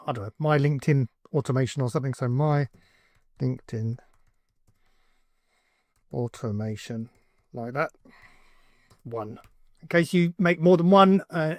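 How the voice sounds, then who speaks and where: A man hosting a software tutorial, talking casually and thinking aloud with fillers as he builds something on screen. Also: on the high side, dry recording, clean studio sound. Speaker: tutorial host, agency owner.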